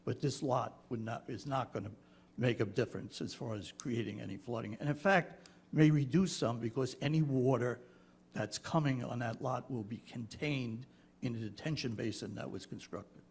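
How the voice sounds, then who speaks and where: A man's voice: medium pitch, normal speed, creaky, a little mellow, husky. A man, a town official, explaining a project at a public meeting in a reassuring, explanatory way. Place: town board meeting room.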